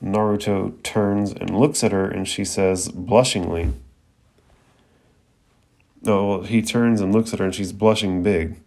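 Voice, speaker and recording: A man's voice: lowish voice, fairly even intonation, a little slow, vocal fry, pauses often, a little mellow. A man hosting a podcast, recapping an anime episode in a chatty, slangy way full of fillers.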